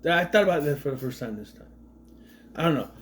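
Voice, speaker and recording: Brief: man, casual movie recap host, rambling and sardonic, slightly high pitch. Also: lively intonation, a little fast. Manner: rambling, with frequent fillers and restarts; sardonic, questioning asides.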